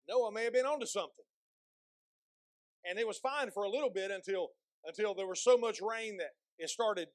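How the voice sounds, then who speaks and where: A male pastor preaching a sermon, asking the congregation questions and slowing down to read scripture aloud with emphasis. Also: high-pitched, no room sound. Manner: slows and stresses when reading scripture aloud; repeats words and restarts phrases, asks the congregation questions.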